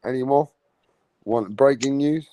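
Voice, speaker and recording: A man hosting a casual live-stream about boxing, talking excitably and repeating himself with slang. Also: mid-range voice, a little slow, poor audio. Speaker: livestream boxing host.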